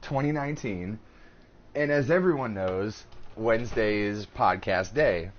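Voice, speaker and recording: A man co-hosting a casual podcast, telling an animated, profane story. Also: lowish voice, measured pace, a little hiss or hum. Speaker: podcast co-host. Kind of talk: casual chat. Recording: dull lo-fi live stream audio.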